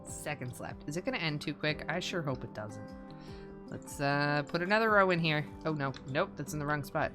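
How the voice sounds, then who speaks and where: Chatty lady streaming a game, kinda low voice, repeats stuff a lot, little music playing behind. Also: expressive, normal speed. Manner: chatty, thinks aloud, repeats herself, swears casually. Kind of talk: casual live game commentary.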